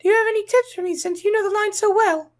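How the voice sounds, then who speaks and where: A narrator voicing a cheerful, eager young female engine, bubbly and quick to panic. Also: extremely high pitch, fairly even intonation, pitched above the performer's own voice. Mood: cheery.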